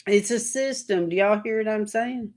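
A woman's voice: mid-range voice, moderate pace, a little mellow. A woman preacher giving an informal sermon to an online audience, telling a rambling story in an earnest way.

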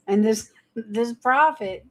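A woman with a voice on the high side leads a livestream Bible study, taking it slowly. She reads scripture and retells stories in a chatty way, laughing often.

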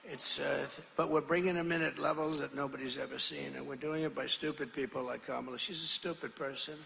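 A man giving a rambling rally speech, asking the crowd questions and shouting. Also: fairly high pitch, steady tone, brisk, vocal fry, background noise. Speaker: political speaker. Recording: reverberant large venue.

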